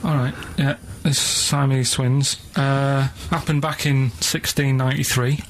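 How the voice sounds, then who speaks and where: A man on a comic radio show, talking in a matter-of-fact, halting way and holding his odd views. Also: medium pitch, flat delivery, a little hiss or hum.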